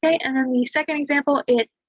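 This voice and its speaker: A woman tutoring a language lesson over a screen share in a relaxed, chatty way, talking through examples. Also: high voice, fast, dry recording, lo-fi sound. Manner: relaxed, chatty explaining with fillers and small laughs.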